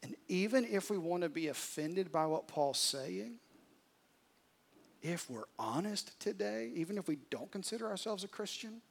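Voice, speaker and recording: A male pastor preaching a sermon to a church congregation, shifting dramatically from hushed, quiet lines to loud, forceful ones. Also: high-pitched. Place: church service.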